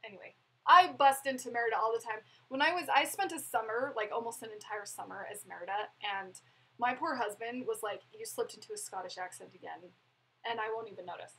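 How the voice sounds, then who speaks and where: A woman's voice: a little high, fairly quick, sharp tone, slightly rough, rough recording. A young woman chatting casually on a live stream, rambling and laughing as she answers viewers' questions. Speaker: vlogger answering live chat.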